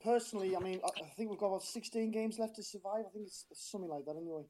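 A man's voice: high-pitched, rapid-fire, background noise. A man calling in as a football fan, talking in a passionate, frustrated, rambling way with a strained voice. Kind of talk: casual phone-in chat.

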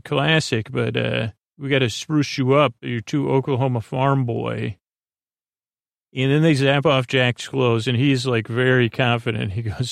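A man's voice: mid-range voice, creaky, no room sound, studio quality. A man hosting a podcast, rambling through a sleepy recap of a TV episode with many fillers and restarts. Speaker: podcast host.

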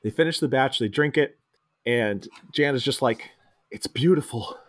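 A man co-hosting a casual movie chat, retelling scenes and jumping into squeaky impressions of the characters, often laughing. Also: normal speed, fairly bright tone. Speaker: podcast co-host.

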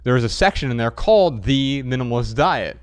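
A man hosting a podcast in casual chat, explaining ideas in a measured way. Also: medium pitch, lively intonation, clean tone, dry recording, clean studio sound. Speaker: podcast host.

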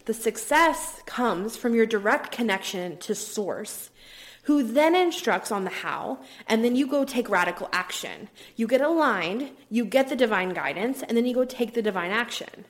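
A woman's voice: on the high side, expressive, normal speed. A woman hosting her own podcast, talking casually and upbeat, with lots of "like" fillers and the odd drop into a whisper. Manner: chatty, upbeat, many "like" fillers, drops into whispers at times. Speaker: podcast host. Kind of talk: casual solo podcast talk.

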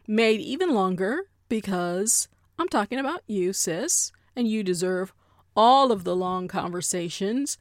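A woman hosts a podcast with casual, comedic storytelling. She is animated and playful and often breaks into exaggerated voices to act out what other people said. Her voice sits at an ordinary pitch and is recorded close and dry, with no room sound. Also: a little slow, no room sound. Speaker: podcast host.

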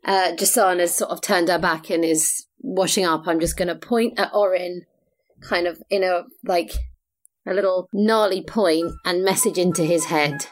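A woman's voice: on the low side, fairly even intonation, moderate pace. A woman playing in a tabletop role-playing game, talking in a playful, giggly way. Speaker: player.

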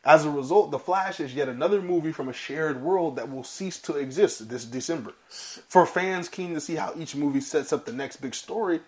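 Laid-back man reading movie news aloud. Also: fairly high pitch. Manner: laid-back, swears freely, reads articles aloud with asides. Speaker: podcast co-host. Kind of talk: casual movie-news podcast chat.

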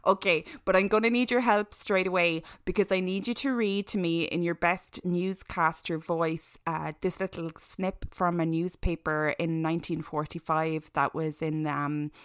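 Teasing woman, low voice. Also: smooth, no room sound, clean studio sound. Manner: teasing, swearing, animated storyteller. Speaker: podcast co-host, storyteller. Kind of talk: casual chat.

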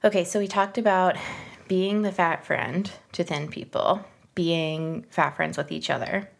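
A woman co-hosting a podcast in relaxed conversation, who also reads excerpts aloud. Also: on the low side, measured pace, gravelly. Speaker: podcast co-host. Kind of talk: casual chat.

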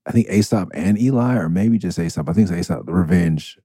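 A middle-aged man hosting a podcast, telling stories in a casual, animated way, laughing and swearing freely. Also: low voice, brisk, husky, no echo. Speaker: podcast host. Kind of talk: casual storytelling.

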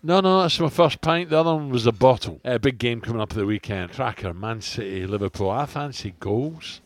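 A man's voice: medium pitch, animated, brisk. An older man, co-hosting a podcast in casual chat, rambling through jokey anecdotes with plenty of fillers. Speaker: podcast co-host.

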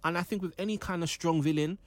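Guy chatting about a movie, kinda high voice, dry close mic, easygoing. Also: steady tone, quick pace, no echo. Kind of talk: casual chat about a film.

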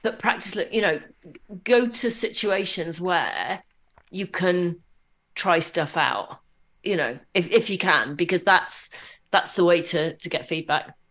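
A woman guest in a casual interview, chatting and telling anecdotes in a lively way. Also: on the low side, takes it slowly. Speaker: podcast guest.

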